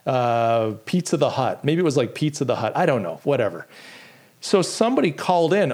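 A man's voice: fairly high pitch, normal speed. A man hosting his own podcast, talking casually and reading out comments from a live chat. He tells stories with indignant energy and keeps restarting his sentences. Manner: animated, indignant storytelling with lots of restarts. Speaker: podcast host.

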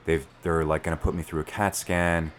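A man, telling a story as a podcast guest in an animated way, full of fillers. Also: low-pitched, a little fast, a little hiss or hum. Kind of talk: storytelling in conversation.

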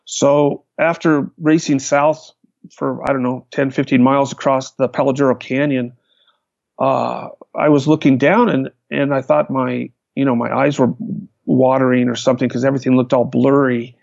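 A man, a hang glider pilot, recounting his flights in a lively storytelling manner. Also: medium pitch, moderate pace, gravelly, dry recording. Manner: animated, vivid retelling with restarts. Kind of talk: storytelling in a conversation. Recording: dull, lo-fi, dry sound.

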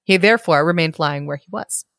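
A woman's voice: sits low, fairly quick, creaky, a bit bright, no room sound, clean studio sound. A woman co-hosting a podcast, reading a folk tale aloud with playful, laughing asides. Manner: playful, laughs often, reads story aloud. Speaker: podcast co-host. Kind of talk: casual storytelling chat.

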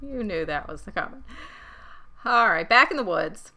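A woman's voice: mid-range voice, animated, moderate pace, sharp tone. A woman co-hosting a podcast in casual chat, chiming in with short agreement and laughing often. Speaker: podcast co-host.

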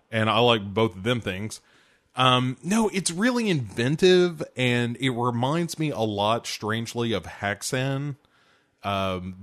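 A man hosting a casual film review, talking in a rambling, relaxed way with lots of "uh" and "um". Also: mid-range voice. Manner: rambling, relaxed, many fillers. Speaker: podcast host reviewing films. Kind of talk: casual chat.

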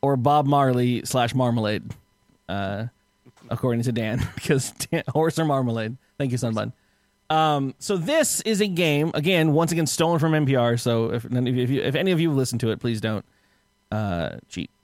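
A man's voice: medium pitch, expressive, normal speed, darkish tone, no echo, studio quality. A man hosting a casual podcast and running a quiz game, laughing often and restarting his phrases.

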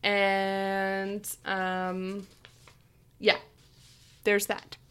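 A woman's voice: mid-range voice, completely flat delivery, drawn-out words, a bit bright, clean tone. A woman hosting a casual chat, telling a story from her notes in a chatty, giggly way. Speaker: podcast host telling the story.

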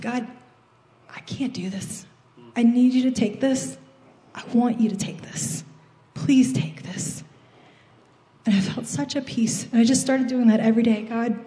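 A woman's voice: fairly high pitch, warm tone, echoey room. A woman giving an earnest personal testimony in church, telling her story and quoting her own prayers.

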